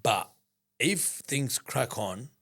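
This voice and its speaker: A man telling a story in a casual interview, rambling and animated, acting out conversations and swearing freely. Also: medium pitch, drawn-out words, vocal fry. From Australia. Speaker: business founder, guest.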